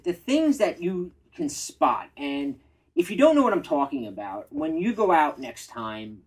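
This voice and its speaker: Husky-voiced male dating coach, soft-spoken, casual advice talk. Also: on the high side, rough recording. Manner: soft-spoken, self-described shy and introverted.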